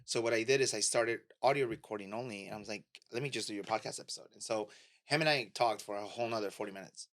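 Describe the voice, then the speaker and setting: Guest on a podcast: a man with a low, bright voice who tells stories and mimics the people in them; dry sound. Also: fast, no room sound. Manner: storytelling, acts out quoted dialogue. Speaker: podcast guest and media host. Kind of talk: casual interview conversation.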